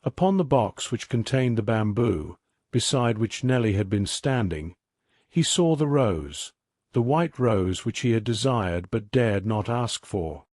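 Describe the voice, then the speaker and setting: A man narrating a classic mystery story as a calm, even bedtime reading. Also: on the low side, a little slow, no echo, studio quality.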